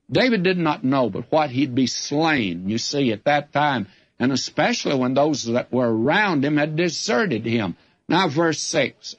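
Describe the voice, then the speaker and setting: A man, a pastor, preaching a sermon and reading scripture, with measured delivery that slows for emphasis. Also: fairly high pitch, big pitch swings, no room sound. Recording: dull, dry lo-fi recording.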